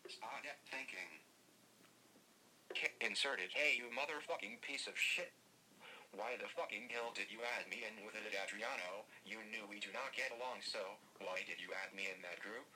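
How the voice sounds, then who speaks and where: A male text-to-speech screen reader reading messages aloud in a flat synthetic manner. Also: lowish voice, moderate pace, a little hiss or hum, rough recording.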